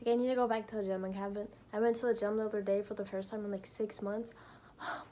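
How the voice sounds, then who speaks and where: A woman's voice: mid-range voice, level tone, very fast, dark tone. A young woman vlogging casually from her car, talking in a chatty, profane way and saying "like" a lot. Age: young adult. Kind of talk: casual vlog chat.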